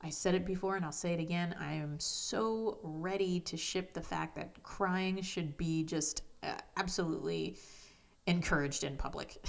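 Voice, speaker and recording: A woman hosting a personal podcast, talking candidly with frank, self-deprecating humor, casual swearing and soft asides. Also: on the low side, steady tone, normal speed, vocal fry. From United States. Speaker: podcast host.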